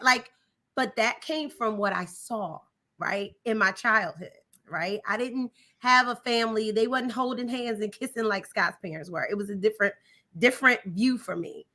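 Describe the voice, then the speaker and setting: A woman's voice: medium pitch, moderate pace, pushed and bright. A woman guest, telling her marriage story and acting out the dialogue. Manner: storytelling, acts out dialogue, laughs easily. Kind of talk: candid testimony in interview.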